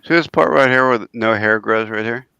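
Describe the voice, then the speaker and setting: A man in his forties, a podcast co-host telling a story in lively casual chat and acting out quoted voices. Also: on the low side, normal speed, gravelly, clear, resonant tone, dry recording, muffled recording.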